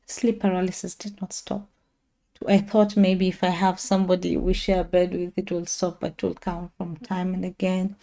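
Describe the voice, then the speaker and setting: A woman's voice: lowish voice, level tone, normal speed, creaky, warm tone. A woman in her thirties telling a personal faith testimony in a rambling, casual way with many fillers and restarts. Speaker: testimony speaker.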